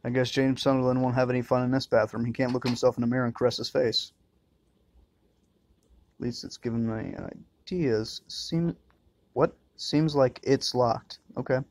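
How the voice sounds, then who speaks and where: A man's voice: medium pitch, steady tone, normal speed, a little mellow, no room sound. A man doing crude, joking commentary while playing a horror game, muttering and swearing to himself. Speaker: let's-play gamer.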